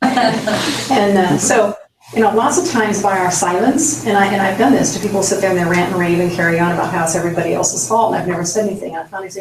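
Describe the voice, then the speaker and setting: A woman's voice: mid-range voice, fast, background noise. A woman commissioner speaking plainly and defensively at a public meeting. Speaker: county commissioner. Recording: roomy meeting hall from far off.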